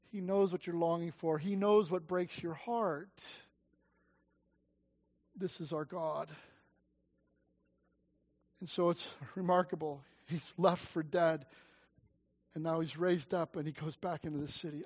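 High-voiced impassioned male preacher. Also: measured pace. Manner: impassioned, swings from loud emphatic peaks to quiet intimate asides; repeats phrases for emphasis, asks the congregation questions. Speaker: pastor. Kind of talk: sermon.

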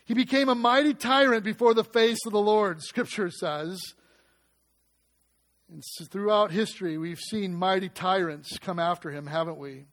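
Male pastor, high pitch, animated delivery with questions and jokes, sermon. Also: normal speed. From United States.

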